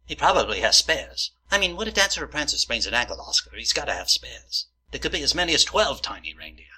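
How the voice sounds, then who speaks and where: A man playing a fussy, pedantic man who needles and lectures his roommate, indignant and drawn-out in a comedy sketch. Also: medium pitch, big pitch swings, pushed and bright, husky, heavily acted. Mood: lecturing. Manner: prissy, indignant, drawn-out storytelling.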